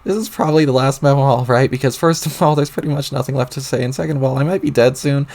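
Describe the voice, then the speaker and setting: A man voicing an angry, panicky young male troll who rants loudly and frantically and swears a lot, while reading a webcomic aloud on stream. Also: medium pitch, steady tone, fast talker, natural voice. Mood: panicked ranting. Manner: loud, ranting, frantic.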